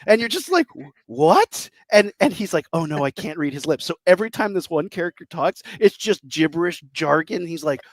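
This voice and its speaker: An excitable man in his thirties chats about movies as a podcast co-host. He talks in a rambling, enthusiastic way and slips into voices to act out quotes. His voice sits a bit high, and it is caught dry and close on the mic. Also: brisk, hardly any pauses, dry recording. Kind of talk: casual chat.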